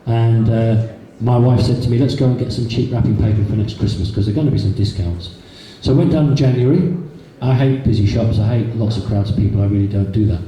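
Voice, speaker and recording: A man's voice: fairly low pitch, fast talker, mellow, far from the mic. A man giving an anecdotal public talk to an audience, in a chatty storytelling way with repeated words. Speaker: guest speaker. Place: meeting hall. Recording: echoey hall from a room recorder, faint noise.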